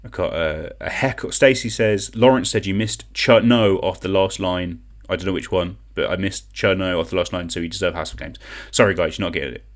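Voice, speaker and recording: A young Englishman with a low-sitting voice hosts an online quiz, talking a little fast with few pauses. He rambles chattily while reading out comments, pokes fun at himself, and sings song clues in gibberish syllables.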